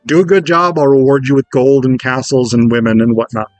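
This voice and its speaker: A man's voice: medium pitch, steady tone, brisk, no room sound, faint music behind, lightly acted. A man voicing a gleeful, bloodthirsty king, speaking eagerly and bluntly with a swagger.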